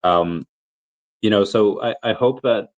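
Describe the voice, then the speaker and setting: A man's voice: fairly low pitch, unhurried, phone-quality sound. A man in his thirties with the flu, coughing now and then, hosting a casual livestream Q&A and rambling through his thoughts with many restarts. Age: 30s. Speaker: crypto livestream host.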